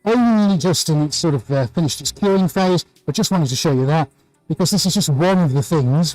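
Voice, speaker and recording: A man's voice: a little high, a little mellow, no room sound, rough recording. A man hosting a live painting tutorial from his art studio, chatting cheerfully and greeting viewers by name. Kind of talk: live-stream chat and demonstration.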